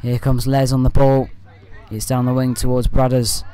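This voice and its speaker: Male fan commentator, mid-pitched, loose amateur match voice-over, keeps moving on with "anyway". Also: moderate pace, smooth. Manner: rambling, leans on "anyway" and "uh" to move on; partisan, with excited bursts at good play.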